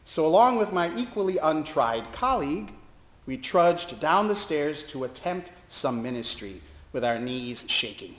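A man's voice: a little high, measured pace, roomy sound. A man, a chaplain, telling a personal story as a monologue with wry, self-deprecating humor. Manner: self-deprecating, wry, lively delivery with laughs.

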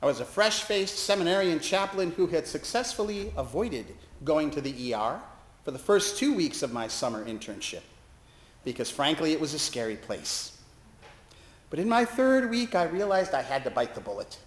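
A man's voice: a little high, moderate pace, roomy sound. A man, a chaplain, telling a personal story as a monologue with wry, self-deprecating humor. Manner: self-deprecating, wry, lively delivery with laughs.

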